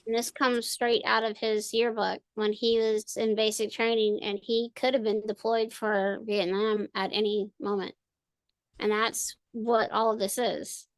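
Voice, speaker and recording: A middle-aged woman with a high voice, talking in a casual podcast chat. She swears freely and rants with heavy emphasis. The recording is close and dry. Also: level tone, unhurried, dry recording. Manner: profane, ranting and emphatic. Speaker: podcast co-host.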